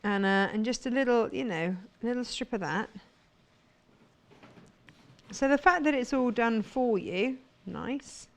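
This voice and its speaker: A woman hosting a live shopping show, enthusing over each product. Her voice sits a little on the high side, and she keeps up the steady flow of a studio sales pitch. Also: unhurried, pauses often. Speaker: shopping channel presenter.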